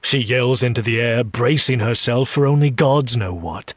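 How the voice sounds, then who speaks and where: A man narrating a dark romance audiobook, reading slowly and seductively and voicing a demon in first person. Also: mid-range voice, dry recording.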